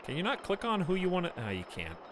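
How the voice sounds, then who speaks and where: A man streaming a game live, reacting excitably and bantering with his chat. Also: high voice, fast, a little hiss or hum.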